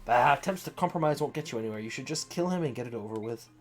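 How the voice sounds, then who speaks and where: A man's voice: mid-range voice, lively intonation, rapid-fire, close to an everyday voice. A man voicing a blunt, impatient young wolf warrior in a video game.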